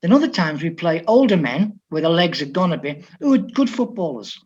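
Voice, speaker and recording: English man telling lively coaching stories. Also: a little high, brisk, husky. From England. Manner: lively storyteller who quotes others in dialogue. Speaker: football coach, interview guest. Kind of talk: conversational anecdote telling. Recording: slightly dull lo-fi audio.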